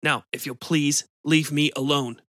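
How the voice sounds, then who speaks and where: A man's voice: on the high side, steady tone, measured pace, a bit bright, no room sound, clean studio sound. Man voicing nervous secretive bar patron, evasive, curt, storybook.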